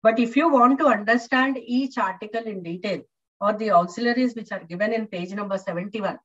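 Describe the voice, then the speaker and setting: A woman's voice: medium pitch, brisk, a bit bright. A female English lecturer teaching an online class, patient and repetitive, with many fillers. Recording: distant, dull lo-fi online audio.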